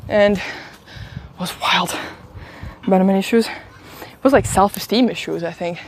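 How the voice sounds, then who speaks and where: A woman's voice: mid-range voice, a little slow, slight background noise. A young woman chats into her phone as she walks outdoors on a live stream. She rambles through stories with laughs and swearing, sounding a little under the weather. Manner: chatty, rambling storytelling with frequent laughs and swearing. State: sick, stuffy. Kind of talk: casual live-stream chat while walking. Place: outdoors walking uphill in a town.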